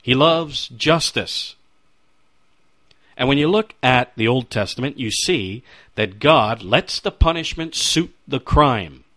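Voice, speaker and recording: A man's voice: mid-range voice, expressive, takes it slowly, a bit bright, no echo. A middle-aged man giving a radio sermon, asking rhetorical questions and quoting scripture with emphasis. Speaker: radio preacher.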